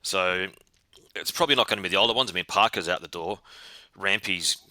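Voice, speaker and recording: A man's voice: sits low, brisk, pushed and bright, dry recording. A man co-hosting a sports podcast, matter-of-fact with dry remarks. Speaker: podcast co-host. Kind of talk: casual sports chat.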